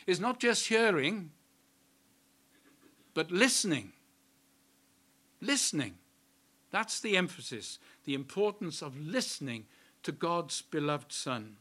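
A man preaching a sermon in a slow, emphatic way, repeating key words for weight. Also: high-pitched, a bit bright.

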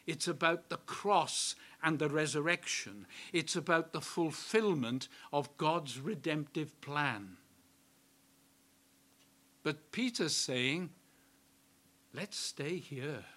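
Slow, emphatic male preacher. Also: on the high side, expressive, fairly bright tone. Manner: slow, emphatic, repeats key words. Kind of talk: sermon.

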